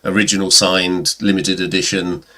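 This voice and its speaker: A man's voice: low-pitched, level tone, moderate pace, pushed and bright. A middle-aged man chatting casually on a livestream, telling rambling anecdotes and sometimes mimicking other people's voices. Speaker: guest. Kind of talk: casual chat about records. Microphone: webcam or computer mic on a livestream.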